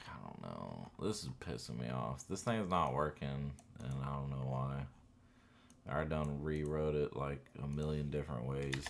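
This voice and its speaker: Very deep, gravelly man muttering in frustration. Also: a bit bright, a little hiss or hum. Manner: frustrated muttering and cursing at his code. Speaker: self-taught coding student. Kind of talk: unscripted screen-recorded vlog. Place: at home at his computer desk.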